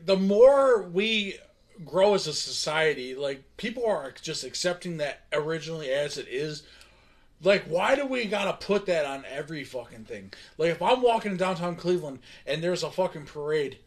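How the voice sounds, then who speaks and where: A man on a podcast, chatting casually and animatedly with many fillers of "like". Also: fairly high pitch. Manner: animated, fillers of "like", mock voices for others. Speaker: podcast guest.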